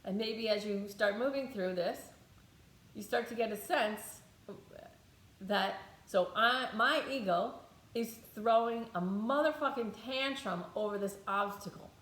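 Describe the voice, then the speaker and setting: An echoey room carries her medium-pitched, slightly bright voice as she leads an unhurried tapping meditation, speaking bluntly, swearing freely and thinking out loud about her own feelings.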